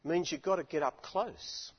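A preacher with a husky, somewhat high voice delivers an impassioned sermon into a stage microphone at normal speed, appealing to his listeners again and again. The lo-fi recording sounds dull and carries a long hall reverb.

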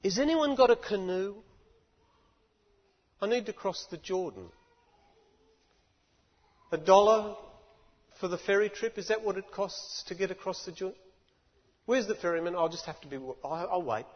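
A man's voice: high voice, animated, moderate pace, pauses often. A preacher putting on the voice of a meek young prophet who politely asks for a boat and stammers as he waits. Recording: echoey hall, dull lo-fi.

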